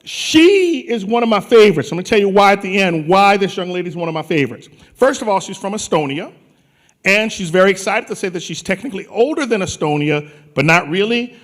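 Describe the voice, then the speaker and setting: A lively man hosts a conference from the stage. His voice sits high and swings widely as he ribs the crowd with quick, teasing jokes. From New Orleans. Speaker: conference host. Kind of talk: playful stage banter with audience.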